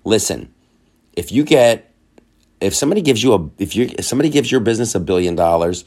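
A man's voice: on the low side, animated, fast talker, darkish tone. A man hosting a podcast, giving casual political commentary in a sarcastic tone, repeating phrases and laughing at his own points. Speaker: podcast host.

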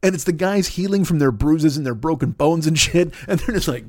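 A man's voice: a little high, brisk, few pauses, darkish tone, no echo, studio quality. A man in his forties hosting a podcast, ranting in a profane, rambling comedic monologue. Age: 40s. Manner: profane, rambling, exasperated rant. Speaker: podcast host.

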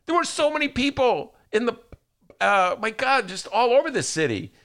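A man's voice: extremely high pitch, normal speed. Guy hosting a podcast, sarcastic, voice swings way up and down. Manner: sarcastic, animated, mocks with put-on voices. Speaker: podcast host. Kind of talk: casual political chat.

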